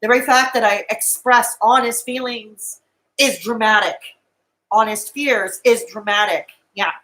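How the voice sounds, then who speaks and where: Woman, live streamer, crying, raw and defensive, higher-pitched voice. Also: fairly even intonation, measured pace, bright, forceful tone, low-quality recording. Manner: raw, emotional and defensive, talking to viewers in chat. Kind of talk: tearful live-stream monologue.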